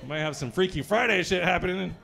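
A young man with a high voice performs crude stand-up at a brewery gig. He tells his stories with lively energy and acts out panicked voices in them. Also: quick pace, gravelly, a crowd in the background. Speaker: stand-up comedian. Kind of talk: stand-up comedy set. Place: brewery comedy show.

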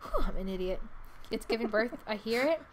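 A woman streamer giving casual let's-play commentary, chatty, reacting loudly and laughing often. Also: on the high side, lively intonation, fairly quick, slight background noise.

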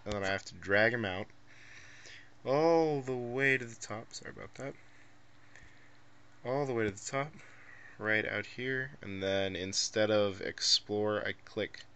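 A young man giving casual, rambling commentary over mobile gameplay footage, in a flat, monotone delivery full of ums and uhs. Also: fairly low pitch, measured pace, pauses often, smooth. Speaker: gameplay video creator.

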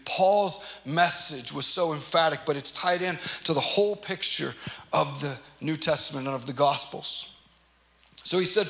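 A man's voice: a little high, moderate pace, gravelly, a bit bright. A man, a pastor, preaching an earnest and emphatic sermon, teaching through scripture. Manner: earnest, emphatic, acts out quoted lines. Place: church hall. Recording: echoey church hall.

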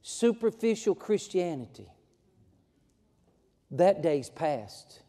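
A man's voice: on the high side, big pitch swings, takes it slowly, dark tone, in a large hall. A man preaching a sermon in a folksy, emphatic way, building to fervent passages. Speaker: pastor. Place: church sanctuary.

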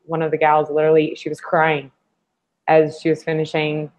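Lively low-voiced woman on a panel. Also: normal speed. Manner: animated, acts out quoted voices. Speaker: fitness panelist. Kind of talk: casual panel discussion. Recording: slightly dull lo-fi audio.

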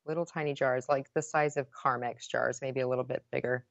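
Low-voiced woman telling an emotional story. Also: fairly even intonation, fairly quick, vocal fry, no room sound, dull audio. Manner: emotional, earnest retelling with many restarts. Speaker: podcast guest. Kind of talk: personal storytelling in conversation.

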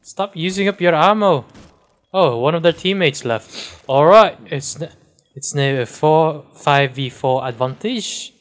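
A man, bantering and swearing during a casual gameplay session. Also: on the high side. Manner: excitable, swearing, quick to shout. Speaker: gaming channel host.

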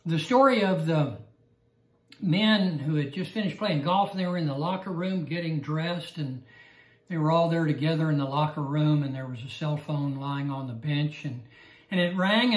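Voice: medium pitch, echoey room. A Bible class teacher giving an evening lesson and telling a joke with chuckles and restarts.

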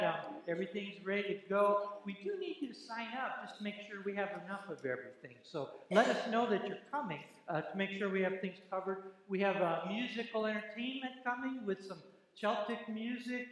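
In a very echoey church hall with faint noise, a man with a high-pitched, fairly bright voice gives casual announcements from the front of a large sanctuary. His manner is folksy and joking, with plenty of ums and uhs.

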